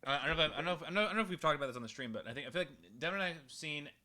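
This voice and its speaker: A man's voice: on the high side, expressive, very fast, pushed and bright. A man hosting a casual livestream chat, rambling with lots of stammered restarts. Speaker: host.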